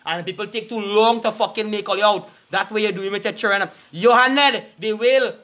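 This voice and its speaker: High, sharp-voiced Trinidadian man ranting. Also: steady tone, quick pace. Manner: angry, cursing, threatening. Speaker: online commentator. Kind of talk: profane street rant.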